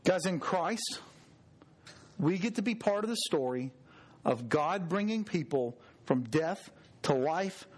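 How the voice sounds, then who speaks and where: A man's voice: a little high, animated, takes it slowly, slightly rough. A middle-aged male pastor preaching a sermon, earnest and emphatic, telling personal stories with repeated phrases. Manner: earnest, storytelling, emphatic repetition.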